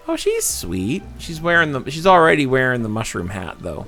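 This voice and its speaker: Animated man doing gaming commentary. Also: medium pitch, moderate pace, faint music behind. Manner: animated, chatty, reacts aloud. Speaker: let's play host.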